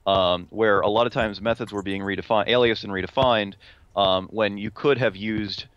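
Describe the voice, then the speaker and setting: A man's voice: lowish voice, steady tone, moderate pace, fairly bright tone, lo-fi sound. A man talking through a technical point in casual panel chat, with many restarts and fillers. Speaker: podcast panelist.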